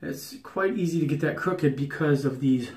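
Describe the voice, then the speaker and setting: An American man talks through his shaving routine in a loose, jokey way, stopping for fillers and restarts. His voice sits a bit high, and the bathroom tiles make the sound echoey. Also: normal speed, a little mellow. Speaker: wet shaving YouTuber. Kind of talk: casual shaving vlog talk to camera. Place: bathroom at the sink.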